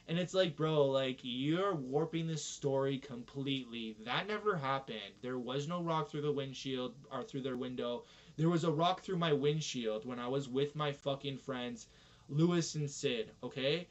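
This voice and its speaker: Man from Canada, fairly high voice, ranting and swearing, muffled lo-fi sound. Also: normal speed. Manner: profane, ranting, exasperated. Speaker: influencer. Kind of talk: casual monologue. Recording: dull lo-fi recording.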